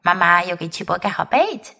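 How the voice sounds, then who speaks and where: A woman, a native Mandarin speaker, teaching English by reading a children's story aloud in slow, expressive storytelling. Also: fairly low pitch, vocal fry. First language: Mandarin Chinese.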